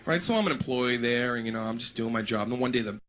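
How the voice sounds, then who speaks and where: A man doing a stand-up routine, animated and jumping into squealing voices. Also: medium pitch, fast talker, a crowd in the background. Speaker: stand-up comedian. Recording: noisy live stand-up recording.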